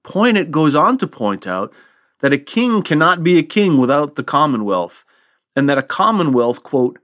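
Lively-voiced man narrating history. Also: on the high side, moderate pace. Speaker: history podcast host.

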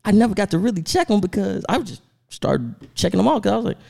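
A man co-hosting a podcast, telling stories in casual chat, laughing often and jumping into high voices for quotes. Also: fast, creaky. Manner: animated, laughing storyteller who jumps into high voices for quotes. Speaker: podcast co-host.

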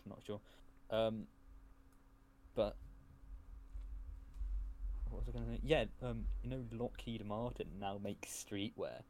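A man's voice: fairly low pitch, steady tone, slow, long pauses, a little mellow, a little hiss or hum. A man co-hosting a casual podcast, joking and laughing a lot. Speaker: podcast co-host. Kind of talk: casual chat.

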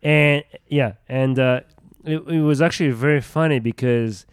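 A man's voice: medium pitch, normal speed, clear, resonant tone, dry recording, clean studio sound. A man co-hosting a podcast in casual chat, rambling through his story with restarts and casual swearing. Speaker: podcast co-host.

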